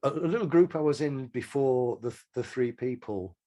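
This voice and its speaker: An older man tells stories from his songwriting career. His voice is mellow and dark at a middling pitch. He speaks in animated bursts with halting restarts. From Manchester, England. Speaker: songwriter guest. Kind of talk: casual interview storytelling.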